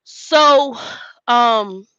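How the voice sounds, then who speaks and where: A woman's voice: on the high side, very slow, fairly bright tone, no echo, lo-fi sound. Chatty fifty-something woman, drawl. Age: 50s. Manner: chatty storytelling, quoting herself. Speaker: truck driver trainer. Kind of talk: casual chat to viewers.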